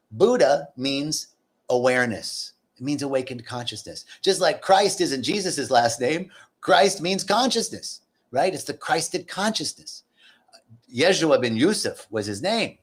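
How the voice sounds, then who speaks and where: A middle-aged man speaks as a spiritual teacher in an earnest, repeating way, his mid-range voice jumping upward when he stresses a point. The tone is sincere and steady. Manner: earnest, repetitive, pitch jumps for emphasis. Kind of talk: talk on acceptance.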